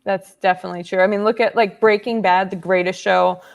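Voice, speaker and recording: A woman's voice: medium pitch, fairly even intonation, brisk, creaky. A woman guest on a podcast, chatting casually and hesitantly with many fillers and restarts. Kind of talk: casual chat.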